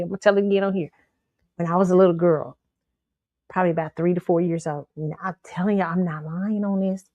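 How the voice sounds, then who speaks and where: A woman's voice: fairly low pitch, no room sound, highs cut off. Emphatic woman host, dry close mic. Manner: emphatic, insistent, repeats herself. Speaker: show host. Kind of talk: casual storytelling to viewers.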